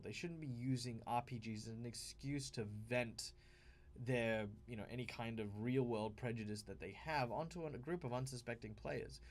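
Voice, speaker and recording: An Australian man hosting a tabletop game advice video, talking casually and emphatically with lots of fillers and restarts. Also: medium pitch.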